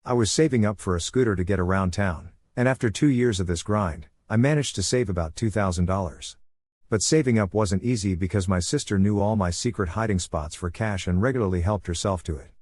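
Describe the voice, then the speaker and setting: A man giving a steady, scripted narration of a story. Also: lowish voice, a little fast, no room sound.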